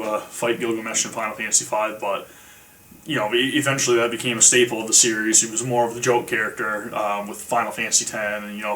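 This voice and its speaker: A man's voice: mid-range voice, a bit bright. Casual rambly guy doing a game review vlog, bit far from the mic. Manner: rambling, many fillers and restarts. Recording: slightly distant mic with faint music behind.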